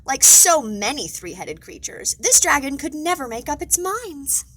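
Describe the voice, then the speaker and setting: Brief: high, animated woman librarian, playful picture-book read-aloud. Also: measured pace, low-quality recording. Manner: expressive, playful storytelling. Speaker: children's librarian. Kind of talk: children's storytime read-aloud.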